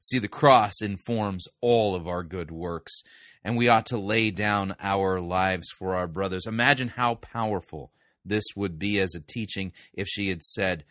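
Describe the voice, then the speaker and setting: Low-voiced man giving pointed commentary. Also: fairly bright tone, no room sound, clean studio sound. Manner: measured, pointed, drops low to stress points. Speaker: sermon reviewer. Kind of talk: critical commentary.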